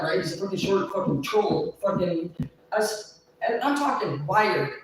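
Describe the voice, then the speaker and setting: A woman on a livestream goes on a long, profane rant, a little tipsy, venting rapidly and agitatedly as she tells her story. Her mid-range voice has lively intonation but is off-mic in an echoey room, with slight background noise.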